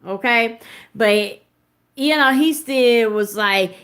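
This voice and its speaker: Woman, 30s, live commentary host; blunt, profane and emphatic, a little high-pitched, talks right to the viewers. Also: takes it slowly, fairly bright tone. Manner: conversational, addresses viewers directly.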